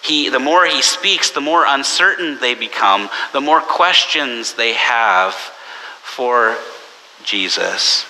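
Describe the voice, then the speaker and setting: Pastor, male, casual storytelling sermon; very bright tone, faint hiss on the recording. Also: medium pitch, takes it slowly. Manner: conversational, anecdotal, with animated quoted voices. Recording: long church reverb with faint hiss.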